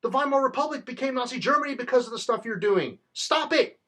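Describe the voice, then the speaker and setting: Guy putting on shocked foreigners pleading in disbelief, way high-pitched, husky. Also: lively intonation, quick pace, pushed and bright, distant mic, exaggerated voice. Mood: exasperated. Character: horrified foreign onlookers, exasperated and pleading.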